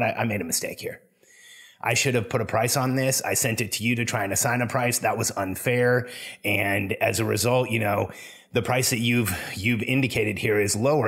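A man with a low, slightly husky voice hosts a solo podcast. He talks earnestly, moving from a personal story into practical advice. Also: a bit bright. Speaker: podcast host.

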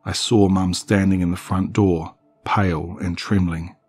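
Deep, husky male horror narrator. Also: steady tone, unhurried, darkish tone, faint music behind. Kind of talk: scripted narration.

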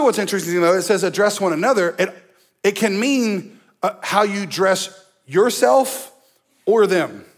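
A male pastor preaching a sermon in a conversational, emphatic way, with asides to the congregation. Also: high-pitched. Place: church.

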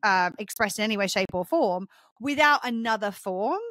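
A woman's voice: medium pitch, lively intonation, normal speed, fairly bright tone, no room sound. A woman hosting a podcast, explaining earnestly in a casual conversational way, with frequent fillers and restarts. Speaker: podcast host and mentor.

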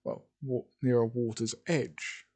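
A man narrating an improvised fan story, halting often and correcting himself as he goes. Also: medium pitch, fairly even intonation, darkish tone, breathy edge. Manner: halting, with many fillers and self-corrections.

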